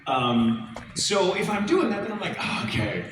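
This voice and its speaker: A man who voices characters, telling animated stories on a convention panel stage, recorded from a distance in a large hall. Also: high voice. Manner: animated storytelling, quick asides. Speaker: voice actor, panel guest. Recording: echoey hall from far off with noise.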